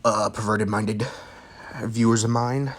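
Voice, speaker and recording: A man's voice: lowish voice, fairly even intonation, a little slow. Rambling young man telling a story. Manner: rambling, full of fillers and restarts, jokey. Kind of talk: casual improvised fan-fiction storytelling.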